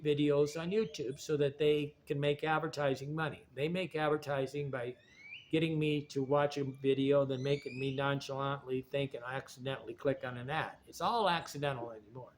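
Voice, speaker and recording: A man's voice: fairly high pitch, steady tone, normal speed, a little hiss or hum. A man talking in a rambling, digressive monologue, often restarting his sentences. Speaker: video essayist.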